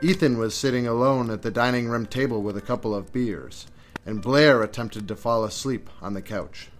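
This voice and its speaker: A man's voice: mid-range voice, moderate pace, soft background music. Man narrating a suspense story. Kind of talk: scripted narration.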